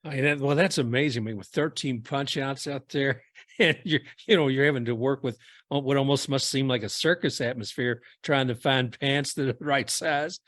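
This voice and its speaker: A man's voice: medium pitch, normal speed, fairly bright tone, no room sound, clean studio sound. A man hosting a baseball interview, reacting to his guest and speaking to listeners as folks. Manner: reactive, laughs along, addresses listeners as folks. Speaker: host. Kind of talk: interview host.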